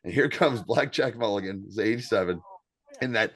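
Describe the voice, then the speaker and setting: A man in his fifties co-hosting a podcast, telling animated, profane stories in casual chat. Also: fairly low pitch, normal speed, husky. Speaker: podcast co-host.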